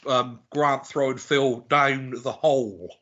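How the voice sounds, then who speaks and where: A man's voice: mid-range voice, steady tone, slow, fairly bright tone, lo-fi sound, a little hiss or hum. A man in his forties telling rambling, sweary stories in a casual podcast chat. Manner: rambling, sweary storytelling with restarts. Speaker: podcast guest.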